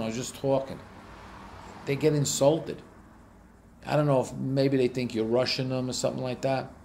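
A man's voice: medium pitch, vocal fry, darkish tone. A man with a heavy North Jersey accent telling blunt, matter-of-fact stories in a casual monologue, recorded near a street. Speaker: vlogger.

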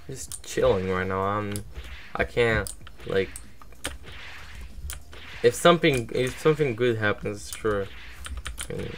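A young man giving casual, low-key commentary while livestreaming a game, now and then flaring up at opponents. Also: measured pace, long pauses, a little hiss or hum. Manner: laid-back and low-key, flares up loud and angry at opponents. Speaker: streamer.

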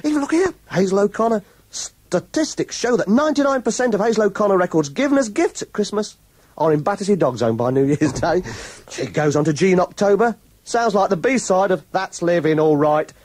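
On a radio show in a studio, a man with a high-sitting, animated voice reads reviews aloud at a brisk clip. His tone is a little mellow with a breathy edge and no echo, and his chatty delivery is full of gleeful mockery and frequent chuckles.

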